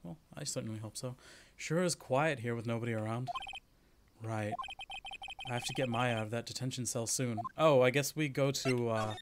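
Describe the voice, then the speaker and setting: A man's voice: medium pitch, moderate pace, slight background noise. A man casually commentating a game stream, joking and reading the on-screen text aloud. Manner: joking, reads place names aloud. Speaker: let's play streamer.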